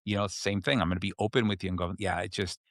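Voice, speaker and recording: A man's voice: lowish voice, racing, fairly bright tone, no echo, clean studio sound. A man hosting a self-help podcast, explaining ideas in a casual way and often checking in with "okay?". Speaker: podcast host.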